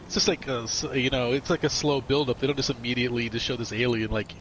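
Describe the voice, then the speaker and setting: A man's voice: mid-range voice, steady tone, quick pace, a bit bright, slight background noise, low-quality recording. A man in his forties, a gaming co-host telling rambling anecdotes in casual chat and swearing freely. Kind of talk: casual chat over gameplay. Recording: game car and street sounds behind.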